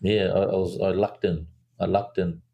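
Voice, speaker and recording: Gravelly man, a director guest, rambling animated anecdotes. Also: low-pitched, normal speed, lo-fi sound. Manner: animated storyteller, acts out quotes in a raised voice, many fillers and restarts. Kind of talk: casual storytelling interview.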